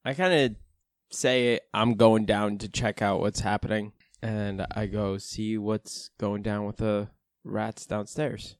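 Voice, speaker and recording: A man's voice: on the low side, steady tone, slow, dry recording, clean studio sound. A man playing a tabletop role-playing game, describing his move in a hesitant, casual way. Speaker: player.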